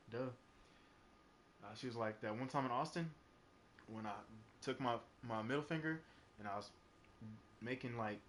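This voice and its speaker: A young man with a medium-pitched voice tells a personal story while streaming live, with a little hiss or hum in the background. He rambles casually, packing his talk with fillers and swearing.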